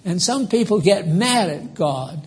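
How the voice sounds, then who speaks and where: Older male preacher, high voice, unhurried, emphatic, rambling. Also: expressive. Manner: emphatic, rambling, quizzes the congregation. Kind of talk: live sermon.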